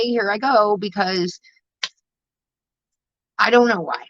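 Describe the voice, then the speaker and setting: A woman's voice: mid-range voice, fairly bright tone, no room sound. Lady talking raw to her stream, cussing a lot, dry muffled home mic. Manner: raw, emotional, swears constantly, halting restarts. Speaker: livestreamer. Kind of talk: candid livestream talk to viewers.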